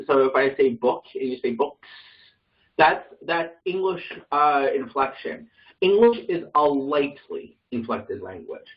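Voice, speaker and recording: A man's voice: mid-range voice, sing-song, a little slow, far from the mic. Hesitant man teaching over a muffled call. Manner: hesitant, with many fillers and self-corrections. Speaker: Bible study teacher. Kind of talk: casual online class explanation.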